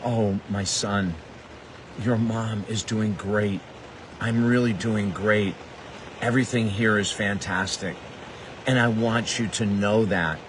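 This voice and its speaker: A man voicing his loving elderly mother, speaking softly, slowly and soothingly. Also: lowish voice, fairly even intonation, background noise. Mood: tender. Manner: soft, slow and soothing.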